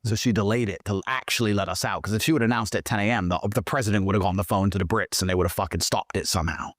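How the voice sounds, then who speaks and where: A man telling a story as an interview guest, swearing constantly and talking with animated, emphatic energy, his voice jumping higher when he gets excited. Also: rapid-fire, no echo, studio quality. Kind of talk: profane storytelling in conversation.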